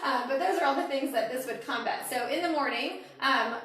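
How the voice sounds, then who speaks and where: A woman's voice: sits high, fairly quick, fairly bright tone, distant mic. A woman in her forties hosting a live beauty-product party, talking in a bubbly, giggly, chatty way. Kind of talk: casual live demo chat. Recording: echoey room, faint noise.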